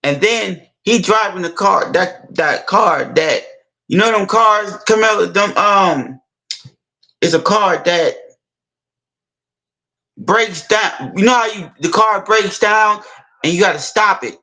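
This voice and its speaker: High-voiced man, rambling casual retelling. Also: bright, forceful tone, poor audio. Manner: rambling, halting, many restarts and repeats. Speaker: storyteller.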